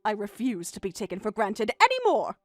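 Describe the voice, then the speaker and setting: A woman's voice: mid-range voice, wildly swooping pitch, brisk, dry recording, faint music behind. A woman playing a bitterly sarcastic mother. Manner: biting sarcasm. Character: middle-aged mother, hurt and bitterly sarcastic. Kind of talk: text-message story voice acting.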